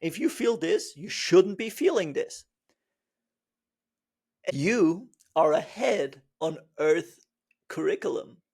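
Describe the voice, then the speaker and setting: A man gives a spiritual talk in an unhurried, deliberate way. His voice is gravelly and a little husky, sitting fairly high for a man. He leans on rhetorical questions and slips into the inner voices he describes. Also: darkish tone. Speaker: spiritual speaker.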